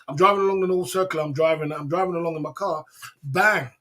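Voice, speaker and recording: British guy chatting on his livestream, fairly high voice, rambles and laughs a lot, keeps going "you know what i'm saying". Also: fairly even intonation, fast, pushed and bright. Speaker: livestream host. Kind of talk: casual livestream storytelling.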